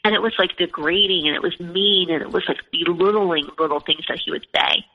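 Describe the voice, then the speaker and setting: A woman's voice: fairly low pitch, brisk. A woman in her forties telling her own story as a podcast guest, chatty and full of "like" and "you know". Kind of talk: personal storytelling in conversation. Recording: lo-fi with long reverb.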